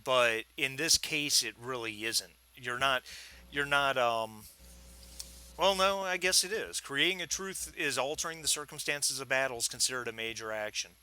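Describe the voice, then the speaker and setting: A man acts as game master for a tabletop game over a home microphone, explaining the rules with plenty of pauses and restarts. His voice sits in a middle pitch and the easygoing delivery never hurries. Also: smooth. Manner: relaxed, hesitant, many fillers and restarts.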